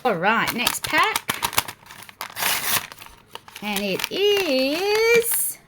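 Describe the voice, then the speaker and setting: A young adult woman with an Australian accent unboxes and builds toys as a vlogger, chatting animatedly to her viewers and to the toys themselves. Her voice sits high and she speaks extremely slowly, and the clip is very noisy. Crinkling packets and plastic clicks fill the background.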